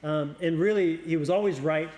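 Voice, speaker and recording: A middle-aged man with a slightly high voice talks through memories of his father in easygoing conversation. He is reflective and halting, often doubling words as he searches for them, and grows a little emotional. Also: a little mellow. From Oregon. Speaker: youth pastor. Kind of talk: casual conversation, storytelling.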